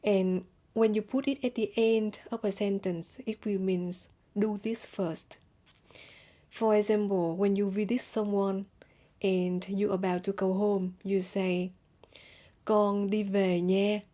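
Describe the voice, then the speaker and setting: A woman teaching a language lesson, saying each example phrase twice, slowly and clearly, for learners. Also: mid-range voice, little pitch movement, mellow.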